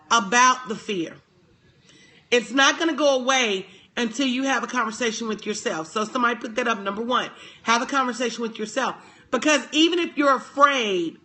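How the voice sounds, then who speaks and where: High bright woman on a phone livestream, motivational, shouting out viewers by name. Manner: call-and-response, greets viewers by name. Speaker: business consultant.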